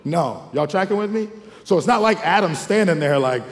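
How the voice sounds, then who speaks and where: A male pastor, preaching a lively sermon with call-and-response asides and acted-out quotes. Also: fairly high pitch, normal speed. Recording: long hall reverb.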